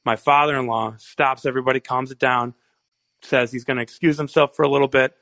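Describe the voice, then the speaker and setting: A man's voice: mid-range voice, fairly even intonation, a little fast, creaky, a bit bright, dry recording. A man calls in to tell a story, wandering through it with plenty of "uh" and "you know" along the way. His voice is recorded close and dry, with no room sound around it. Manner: rambling storytelling with fillers. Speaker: caller. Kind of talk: phone-in anecdote.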